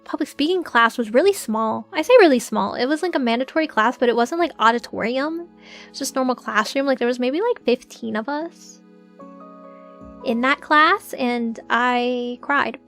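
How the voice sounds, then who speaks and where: A young woman streamer chats casually to her audience in a fairly high voice. She giggles often and scatters "like" through her sentences. Soft music plays quietly behind her. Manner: chatty, giggly, full of filler "like"s. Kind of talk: casual live-stream chat.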